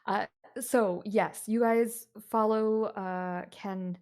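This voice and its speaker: A woman running a tabletop horror game as game master, narrating in a relaxed, hesitant way with many fillers. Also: mid-range voice, drawn-out words.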